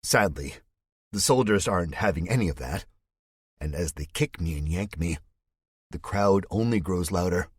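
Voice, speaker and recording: A man narrating an audiobook in the first person, telling it in a tense, measured way. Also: low voice, lively intonation, husky.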